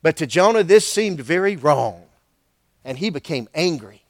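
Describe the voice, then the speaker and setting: A man preaching a sermon, retelling scripture with animated, conversational asides and questions to his listeners. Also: fairly high pitch, moderate pace, no room sound, clean studio sound.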